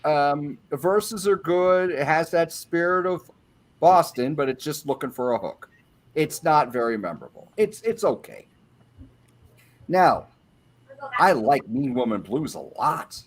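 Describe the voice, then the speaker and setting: A man's voice: a little high, lively intonation, measured pace. Man giving a track-by-track album review. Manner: opinionated, track-by-track commentary. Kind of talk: casual panel discussion.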